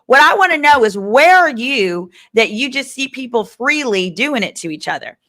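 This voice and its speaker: Sassy bright-voiced woman attorney. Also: on the high side, normal speed. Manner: sassy, animated, talks straight to viewers. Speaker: attorney and live-stream host. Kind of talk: live legal commentary chat.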